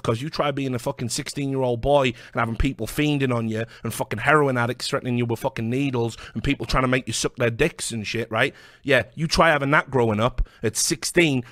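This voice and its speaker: Brash British commentator; heated, combative rant with stammered restarts, dry and close. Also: male voice, medium pitch, fairly bright tone, dry recording. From Britain. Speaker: online commentator. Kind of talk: angry video rant.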